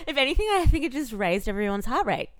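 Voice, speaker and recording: A woman's voice: a little high, sing-song, quick pace, crowd noise. Aussie girl podcast co-host, bouncy up and down voice, swears a lot, reacts a lot. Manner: reactive listener, swearing, short exclamations. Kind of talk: casual chat.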